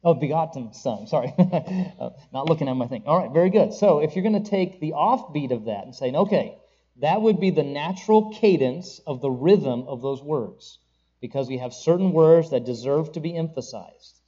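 A man's voice: fairly high pitch, expressive, moderate pace, mellow, breathy edge. Man lecturing on church music, lo-fi. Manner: rambling with many fillers and restarts; leads group reading aloud. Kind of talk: classroom lecture.

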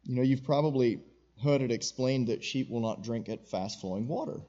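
Middle-aged guy preaching a sermon, mellow voice, earnest, slows way down on key words, kinda dull recording. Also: mid-range voice. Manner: earnest, slows down to stress key phrases, asks the audience questions. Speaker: pastor.

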